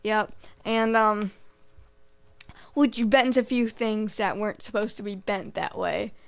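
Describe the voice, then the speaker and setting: Smooth-voiced teen girl guest. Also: medium pitch, fairly even intonation, a little slow. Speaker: podcast guest. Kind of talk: casual storytelling chat.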